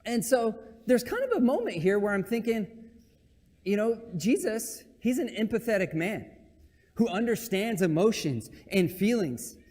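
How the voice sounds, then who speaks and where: Preaching in a casual, joking, self-deprecating way, a fairly high-voiced man delivers a relaxed, conversational sermon at a measured pace. A long reverb carries his voice through the church sanctuary.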